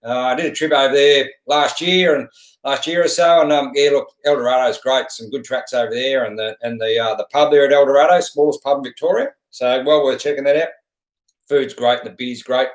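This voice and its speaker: A man's voice: medium pitch, steady tone, brisk, reverberant, poor audio. A middle-aged Australian man hosting a casual live stream, chatting in a laid-back, rambling way and calling everyone mate. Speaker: host of a live stream answering viewers.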